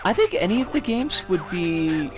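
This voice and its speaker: An American woman in her forties chatting casually on a game stream, animated and giggly with sudden excited squeals. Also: on the low side, normal speed. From United States. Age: 40s. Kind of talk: casual livestream chat while gaming. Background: game music.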